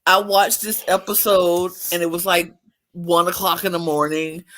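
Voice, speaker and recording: A woman co-hosting a podcast, telling the story with animated, loud reenactments in casual chat. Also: lowish voice, normal speed, a little hiss or hum, rough recording. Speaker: podcast co-host.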